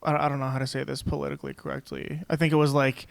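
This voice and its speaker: A man's voice: mid-range voice, little pitch movement, very fast, gravelly, no echo. A young man co-hosting a podcast who chats in a rambling, joking way. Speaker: podcast co-host. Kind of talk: casual podcast chat.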